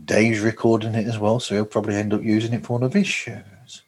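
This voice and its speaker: A man's voice: lowish voice, little pitch movement, fairly quick, slightly rough. Man co-hosting a podcast, teasing. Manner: chatty, teasing. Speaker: podcast co-host. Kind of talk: casual podcast chat.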